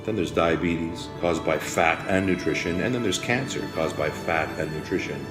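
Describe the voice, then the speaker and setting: Low-voiced man giving a motivational speech. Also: moderate pace. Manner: preachy, repetitive, swings from hushed to rousing. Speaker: motivational health speaker. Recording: roomy with faint music behind.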